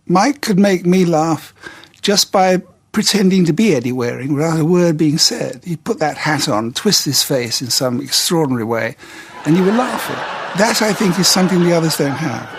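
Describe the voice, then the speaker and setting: A man with a higher, husky voice speaks with fond, emphatic praise. He is talking in a documentary interview. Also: animated, moderate pace. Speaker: interviewee, fellow performer.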